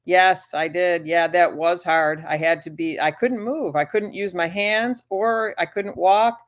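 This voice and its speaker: A shy woman appears as a guest on a casual talk show. She speaks gently and haltingly, pauses often and restarts her phrases, and keeps a soft, earnest way of talking. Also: fairly low pitch, fairly even intonation.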